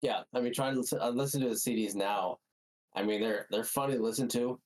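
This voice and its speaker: A man's voice: medium pitch, fairly even intonation, fast, darkish tone, poor audio. A man co-hosting a podcast in casual chat, blunt and laid-back, swearing now and then. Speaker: podcast co-host.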